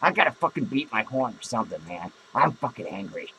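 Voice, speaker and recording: In an improvised character comedy monologue, a man plays a drunken, foul-mouthed, hot-tempered male clown who slurs, rambles and swears constantly. His medium-pitched voice is very animated, fairly quick, pushed and bright, on a low-quality recording with a little hiss or hum.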